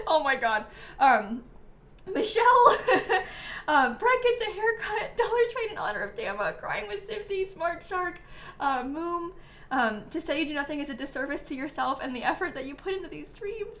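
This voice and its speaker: Bubbly woman streamer, bright high voice, lots of um and like, giggles while thanking chat. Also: very animated, moderate pace. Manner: chatty, giggly, full of "um" and "like"; reads out viewer names and thanks. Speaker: livestream host. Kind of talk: casual live-stream chat.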